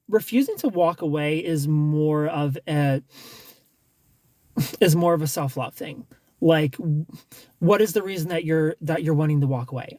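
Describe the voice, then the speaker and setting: A man's voice: fairly high pitch, darkish tone, no echo. A man hosting a casual livestream, giving blunt dating advice with lots of restarts and some swearing.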